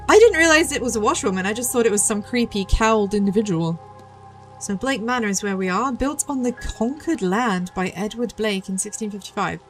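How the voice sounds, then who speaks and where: Young female streamer, bright upper voice, casual running commentary over faint music. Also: a little high. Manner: chatty, self-deprecating, reads game text aloud. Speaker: VTuber game streamer.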